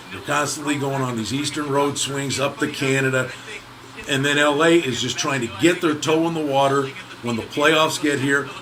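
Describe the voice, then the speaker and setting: A man's voice: mid-range voice, rough recording. A man working as a sports handicapper, confidently giving betting picks in a casual chat. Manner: confident, gives picks in a matter-of-fact way. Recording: crowd chatter in the background.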